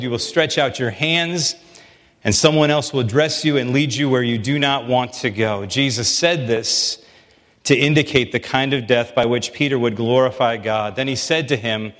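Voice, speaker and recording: A man preaching from the pulpit of a church sanctuary, talking to the congregation in a relaxed, conversational way. He acts out the dialogue of the scripture as he goes. His mid-range voice carries a long reverb from the hall. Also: medium pitch. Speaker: pastor. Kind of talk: sermon.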